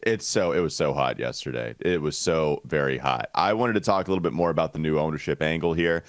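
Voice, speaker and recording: A man's voice: a bass voice, a little fast, dry recording. A man hosting a casual sports podcast, talkative and teasing his co-host. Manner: teasing, talkative, reads ad copy.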